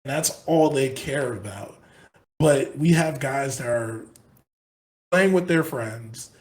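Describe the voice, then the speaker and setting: A man co-hosts a sports podcast, talking casually in long, earnest, rambling stretches full of restarts. His medium-pitched voice is expressive, slow and somewhat dark in tone.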